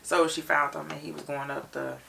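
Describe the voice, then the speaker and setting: A woman tells an episode's story in lively detail, her voice bright and heavily gravelly. She sits a little back from the mic. The recording has a slightly distant feel. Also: deep voice, a little fast, slight background noise. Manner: expressive storyteller, retells scenes in detail. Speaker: reaction show co-host. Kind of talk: animated episode recap.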